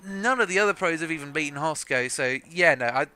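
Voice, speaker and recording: Young South African man calling a sim race, chatty and joking, slightly high, bright and forceful tone. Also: animated, brisk, slight background noise. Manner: chatty, joking, self-deprecating, laughs often. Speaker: race commentator. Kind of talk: live sim racing commentary.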